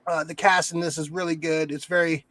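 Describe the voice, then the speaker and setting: Podcast co-host, male, higher-pitched, rambling and swearing, dry close mic. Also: flat delivery, fairly quick, fairly bright tone, no echo. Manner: rambling, swears a lot, many restarts. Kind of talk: casual chat.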